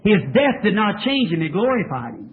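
High, lively male preacher on tinny tape. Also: moderate pace. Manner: emphatic preaching with call-and-response questions. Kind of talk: sermon. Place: church tabernacle.

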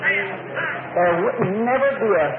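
A man's voice: very high voice, big pitch swings, slow, echoey room, very noisy. A man preaching a sermon to a congregation, folksy and emphatic, with many repetitions and asides. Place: church. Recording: tinny lo-fi old church tape. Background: congregation responses.

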